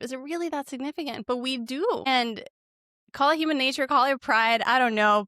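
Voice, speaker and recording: A woman therapist in her thirties or forties, chatting on a podcast and acting out quoted lines with lively shifts. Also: fairly high pitch, no echo, studio quality. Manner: animated, acts out quoted lines. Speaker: marriage and family therapist guest. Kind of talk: casual podcast conversation.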